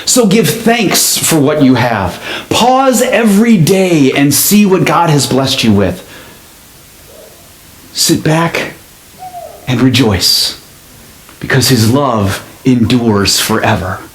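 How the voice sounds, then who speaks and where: A male pastor telling a story in a sermon, with an expressive delivery that speeds up and slows down. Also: mid-range voice. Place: church sanctuary. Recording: echoey church sanctuary.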